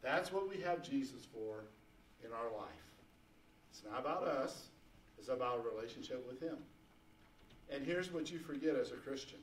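Fervent preacher in an echoey church. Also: male voice, medium pitch, animated, normal speed, pauses often, slight background noise. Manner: folksy, rising to fervent emphasis. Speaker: pastor. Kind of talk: sermon. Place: church sanctuary. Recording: echoey church room, mic at a distance.

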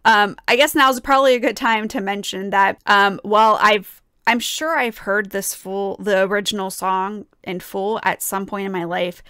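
A woman's voice: medium pitch, fairly bright tone, smooth, no room sound. Gushing young woman with a dry close sound. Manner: enthusiastic, gushing, trails off with fillers and restarts. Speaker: music reaction host, flute player. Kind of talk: casual reaction and analysis.

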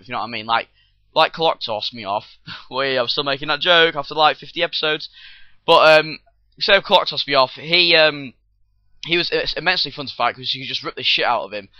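Excitable rambling young-sounding game commentator. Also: male voice, a little high, dry recording. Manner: rambling and excitable, with many fillers and sudden outbursts. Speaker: let's play host. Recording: dull lo-fi recording.

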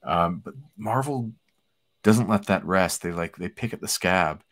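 Deep voiced guy in his 40s geeking out over old comics, easygoing chatter. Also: unhurried. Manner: enthusiastic, relaxed and chatty. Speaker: podcast co-host. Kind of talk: casual comic book discussion.

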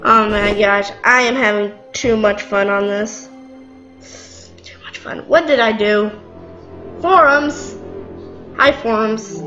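Young woman squealing thru a fighting game, high voice, takes her time. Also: dull audio. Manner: excitable, giggly, squealing. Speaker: gamer. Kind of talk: casual gameplay commentary.

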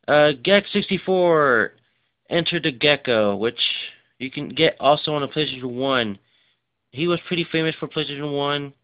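A tired man talks casually, full of fillers and rushed asides, in a smooth, resonant voice. The recording sounds dull and lo-fi. His delivery is loose and unscripted, as if he is showing things off as he goes. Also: a little high. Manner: rambling, filler-heavy, rushed. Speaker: game collection vlogger. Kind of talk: casual unscripted show-and-tell.

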